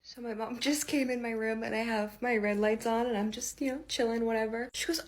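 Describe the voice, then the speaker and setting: A young woman quietly telling a short story to camera in a soft, deadpan way. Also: a little high, a little fast. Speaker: TikTok creator.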